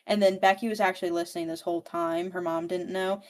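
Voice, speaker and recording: A woman's voice: fairly low pitch, steady tone, quick pace, a little mellow. A woman co-hosting a podcast, recapping a novel in casual, rambling chat full of "like" and swearing. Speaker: podcast co-host.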